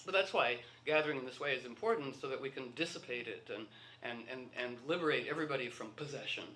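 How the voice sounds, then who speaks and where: A man's voice: mid-range voice, quick pace, bright, forceful tone. A man giving a rambling, playful talk to a live group, often slipping into quoted voices.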